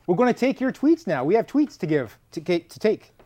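A man's voice: sits high, very animated, a little fast, dark tone. A man co-hosting a casual show, joking and rambling, often trailing off mid-sentence. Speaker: podcast co-host. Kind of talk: casual chat.

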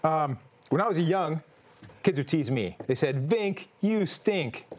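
Lively, high-voiced male talk show host. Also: moderate pace. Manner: playful, deadpan jokey.

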